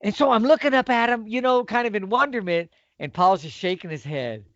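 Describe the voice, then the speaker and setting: A man excitedly telling a hunting story, acting out the exchanges he quotes. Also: sits high, fairly quick. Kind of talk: animated storytelling. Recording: dull lo-fi audio.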